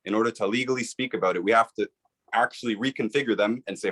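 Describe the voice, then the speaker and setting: A man's voice: on the low side, quick pace, fairly bright tone. A man, the guest and author, explaining his views in an interview with an earnest, persuasive manner, often checking in with "right?".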